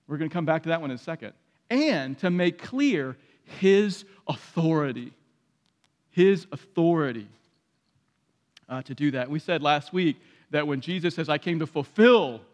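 A man preaching a sermon as pastor, emphatic and repeating his key phrases, often climbing to loud peaks. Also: on the high side. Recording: long hall reverb.

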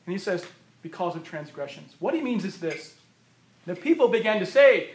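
Man, high voice, emphatic sermon, repeats lines for stress, hoarse, roomy hall echo. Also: expressive, a little fast. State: losing his voice. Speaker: preacher.

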